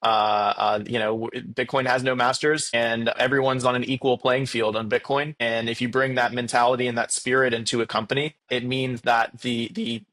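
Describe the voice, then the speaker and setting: A man being interviewed at a conference, talking in a loose, animated way with many fillers and restarts. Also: mid-range voice, normal speed, few pauses. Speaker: guest. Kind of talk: conversational interview. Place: conference venue.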